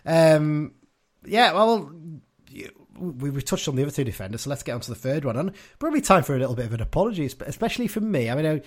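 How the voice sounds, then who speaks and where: A man's voice: on the high side, sing-song, fast. A man co-hosting a casual football podcast, chatty and opinionated, often tagging his points with questions. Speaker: podcast co-host.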